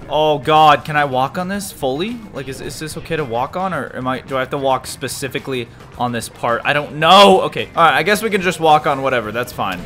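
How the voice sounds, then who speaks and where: A young gaming YouTuber gives excitable gameplay commentary, shifting from low muttering to sudden yelps and shouts. He laughs often.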